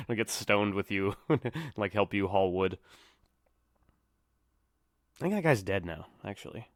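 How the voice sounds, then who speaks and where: A man's voice: on the low side, very animated, slow pace, long pauses, no echo, studio quality. A man in his thirties hosting a casual solo podcast, rambling and laughing often at himself. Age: 30s. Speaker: podcast host. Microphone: headset or desk mic.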